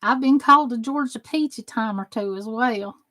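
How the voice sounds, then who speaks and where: A bright, forceful, slightly high voice at a moderate pace belongs to a middle-aged woman from the American South. As host of a crafting livestream, she chats and jokes, reading viewer comments aloud and replying to them.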